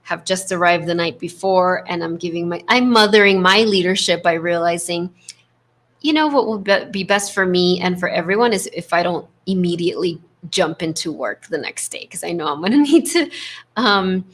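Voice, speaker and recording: Gentle woman coach with "right?" tags. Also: fairly low pitch, moderate pace. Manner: gentle, affirming, frequent "right?" tag; acts out inner voices with shifts in tone. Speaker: host and leadership coach. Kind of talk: spiritual coaching talk to a live group.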